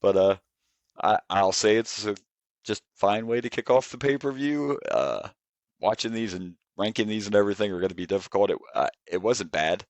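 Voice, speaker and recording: A man co-hosting a podcast that reviews wrestling, talking in a relaxed, rambling way with frequent chuckles. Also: lowish voice, normal speed, no echo. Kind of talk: casual chat.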